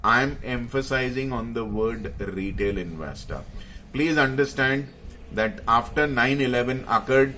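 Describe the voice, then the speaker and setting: A man's voice: mid-range voice, unhurried, sharp tone, slight background noise. A man explaining investing to viewers, hesitating often with fillers and stressing key phrases. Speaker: market commentator.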